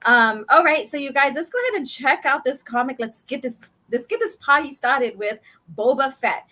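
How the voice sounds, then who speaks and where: A woman's voice: high-pitched, normal speed, sharp tone. A woman hosting a casual chat, reading a comic aloud, chatty and giggly. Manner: giggly, chatty, reads dialogue in voices. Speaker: podcast host.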